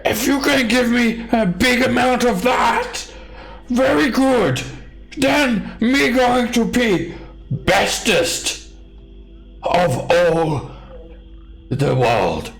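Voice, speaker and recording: A man voicing a dim, greedy two-headed male giant who shouts in broken grammar. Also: very high voice, expressive, extremely slow, creaky, pauses often, echoey room, faint music behind, pitched above the performer's own voice, heavily acted, poor audio.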